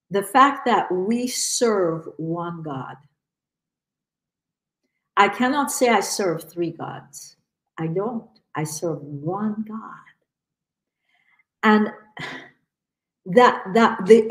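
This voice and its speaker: A woman's voice: medium pitch, echoey room, low-quality recording. A woman in a Bible study giving an earnest, emphatic reflection, often repeating words as she thinks. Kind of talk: earnest spoken testimony.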